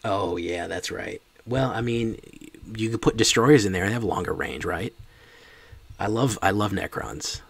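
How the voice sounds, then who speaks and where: A man's voice: lowish voice, unhurried, creaky, breathy edge, no echo. A man streaming a card game, chatting casually and joking with his chat.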